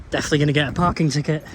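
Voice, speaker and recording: A man vlogging casually as he drives and walks around a town, joking at his own expense and muttering asides. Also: on the high side. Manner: chatty, self-mocking, mutters asides. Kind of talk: casual travel vlog. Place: outdoors in town and in a car. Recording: loud street noise. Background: loud outdoor and traffic noise.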